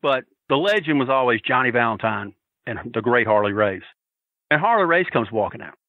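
A man telling a story loudly and boisterously on a podcast, swearing freely as a regular contributor. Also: mid-range voice, expressive, fairly quick, dry recording, narrow, tinny audio. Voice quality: loud and boisterous, profane. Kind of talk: loud storytelling, casual chat.

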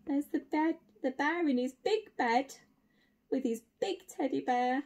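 A woman's voice: high voice, a little slow, darkish tone. A woman teacher reading a picture book aloud to young children, gasping and exclaiming as she goes. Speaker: primary school teacher.

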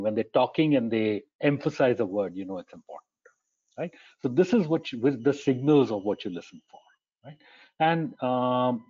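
A man's voice: mid-range voice, warm tone, slightly rough, highs cut off. A man presenting a conversational webinar talk, posing rhetorical questions, answering them, and often checking in with "right?".

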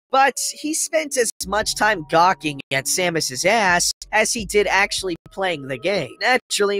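Guy telling a funny story, high bright voice, swings up and down a lot, wry and over the top. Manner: wry, comically exaggerated delivery. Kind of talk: first-person anecdote narration.

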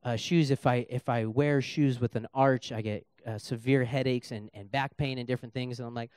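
A man's voice: mid-range voice, moderate pace, dry recording. A young adult man preaching in a church as a guest speaker, telling a personal story and acting out the dialogue. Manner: animated storyteller, acts out dialogue. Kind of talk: sermon with storytelling. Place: church sanctuary.

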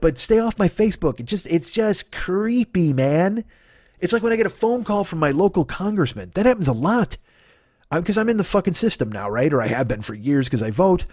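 A man's voice: high voice, a little mellow, dry recording. A man in his fifties hosting a solo comedy podcast, rambling through a profane, sarcastic rant. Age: 50s.

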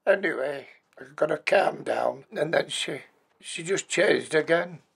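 Gravelly old man. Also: fairly high pitch, animated, unhurried. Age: 80s. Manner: plain-spoken, matter-of-fact, blunt everyday words. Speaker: bereaved husband and former carer. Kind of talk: personal life story told for a documentary.

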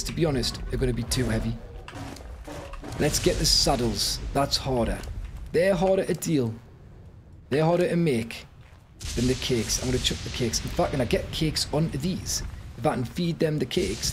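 A young man giving excitable, panicky live commentary on his gameplay and shouting orders to his creatures. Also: a little high, background noise. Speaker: gaming YouTuber. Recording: loud game music behind the voice.

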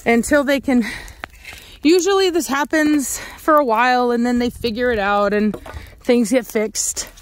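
A woman's voice: fairly high pitch, unhurried. Chatty woman cooing at her dogs outdoors. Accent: Texan. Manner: chatty, coos baby talk at her dogs. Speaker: dog breeder vlogger. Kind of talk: casual vlog talk. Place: outdoors in a dog yard.

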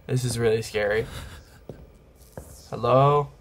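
A man narrating his own horror-game playthrough for viewers. His voice sits at an ordinary pitch, and he keeps nervously talking himself and his audience through each tense moment. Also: steady tone, takes it slowly, a little hiss or hum. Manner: jittery, whispers reassurances to viewers. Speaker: gaming YouTuber. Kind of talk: let's-play commentary.

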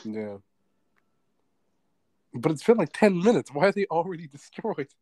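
A man's voice: a little high, big pitch swings, moderate pace, mellow, no room sound. A young man co-hosting a podcast, telling stories animatedly and laughing often. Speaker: podcast co-host. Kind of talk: casual chat.

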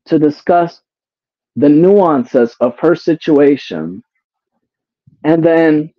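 The speaker is a commentary streamer with a fairly high pitch who vents to his chat, cursing, repeating himself and asking rhetorical question after rhetorical question. It's a dry, phone-like tinny recording with no echo.

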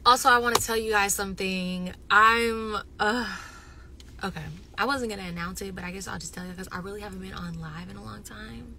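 A woman chatting casually with viewers on a phone livestream, animated and loud, swinging between excited bursts and near-whispers. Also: medium pitch, fairly quick, a little hiss or hum. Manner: says she is loud. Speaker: reality TV personality going live.

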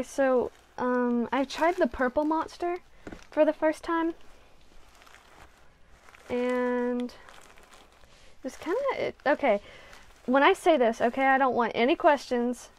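A woman vlogging casually from her bedroom as she works on a craft project. She mutters to herself, runs herself down and swears freely. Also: sits high. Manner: self-deprecating, swearing, muttering to herself while working.

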